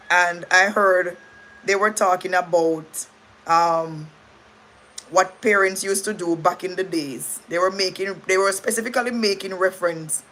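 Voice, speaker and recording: A woman's voice: lowish voice, fairly bright tone. A middle-aged Jamaican woman hosting a casual livestream chat, rambling, restarting sentences and thanking viewers. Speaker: livestream host.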